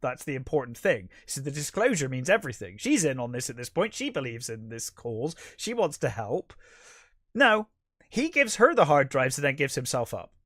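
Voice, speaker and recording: A man of ordinary pitch co-hosts a podcast and reviews a film in casual talk. He rambles and restarts his sentences, then grows bluntly exasperated. His voice is recorded close and dry. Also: very animated, moderate pace, fairly bright tone, no room sound. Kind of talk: casual movie review chat.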